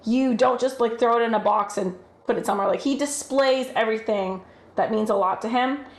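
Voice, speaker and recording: A woman's voice: on the high side, brisk, roomy sound. A woman with a general American accent, casually chatting while cooking on a livestream, reading chat aloud and swearing freely. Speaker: streamer.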